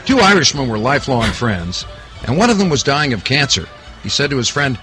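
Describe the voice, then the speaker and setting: Brief: male comedy radio host, jokes, lilting and bright. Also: mid-range voice, sing-song, a little fast, faint music behind, a faint crowd, low-quality recording. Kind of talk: telling jokes.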